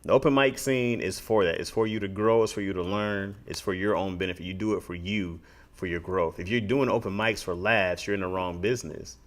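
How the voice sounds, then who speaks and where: A man's voice: sits low, a little fast. A man co-hosting a casual podcast, talking bluntly and repeating his points for emphasis. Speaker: podcast co-host. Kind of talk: casual chat.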